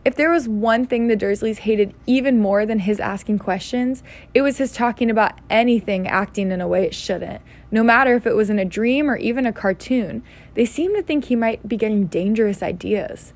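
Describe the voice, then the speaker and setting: A woman reading a novel aloud in an easygoing, unpolished way. She trips over words now and then and goes back to fix them, keeping it relaxed. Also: a little high, normal speed. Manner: stumbles and laughs at her slips. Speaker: reader.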